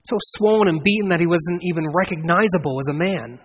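A man preaching an expository sermon in an earnest way, building to emphatic swells and then dropping low. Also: fast talker, fairly bright tone, a little hiss or hum. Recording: long reverb of a large hall.

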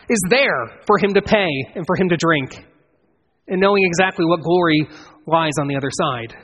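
An earnest man preaching a sermon, his voice set a little high with a husky edge. He builds to emphatic swells and then sinks low again. A long hall reverb trails after his words. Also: normal speed, a bit bright. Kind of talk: expository sermon.

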